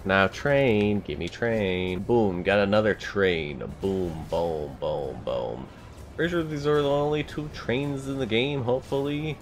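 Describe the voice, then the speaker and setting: A young man giving let's-play commentary, excitable and complaining loudly at the game. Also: lowish voice, a little slow, a little hiss or hum. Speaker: gameplay streamer.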